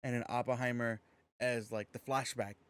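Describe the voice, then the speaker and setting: A man co-hosting a podcast in casual chat, relaxed and rambling, swearing casually. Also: mid-range voice, normal speed, clear, resonant tone. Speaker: podcast co-host.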